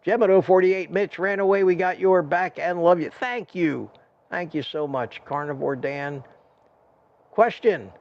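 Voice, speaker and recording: A man's voice: high voice, unhurried. An older man hosting a live stream, rambling and ranting in a self-deprecating way and thanking his viewers by name. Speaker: livestream host. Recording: dull lo-fi stream audio.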